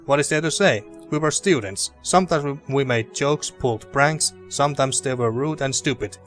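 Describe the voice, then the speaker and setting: A man's voice: mid-range voice, normal speed, a bit bright, faint music behind, natural voice. A man voicing an ashamed young male poet who apologizes, in a slightly raised, earnest reading of game dialogue.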